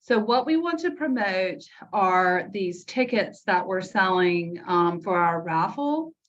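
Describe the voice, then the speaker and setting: Guest: chatty woman on a lo-fi call line, mid-pitched, tells stories with asides. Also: animated, slow pace, fairly bright tone. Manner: chatty, storytelling with quoted asides. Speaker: guest, health care foundation director. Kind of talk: casual video call chat. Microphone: video call. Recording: dull lo-fi call audio.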